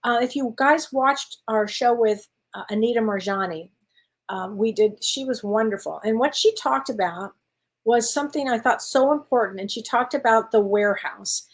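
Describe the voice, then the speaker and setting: A woman's voice: fairly high pitch, moderate pace. A woman, a spiritual medium chatting encouragingly with viewers on a live stream. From Wisconsin, USA. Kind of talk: casual live-stream chat reading viewer comments.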